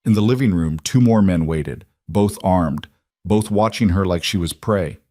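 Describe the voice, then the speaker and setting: Low-voiced male story narrator. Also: measured pace, dark tone, no echo, clean studio sound. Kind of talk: scripted romance narration.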